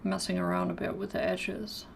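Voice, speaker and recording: A woman's voice: on the low side, little pitch movement, normal speed, vocal fry, slight background noise. A woman chatting casually during a live painting stream, thinking aloud and answering questions from the chat.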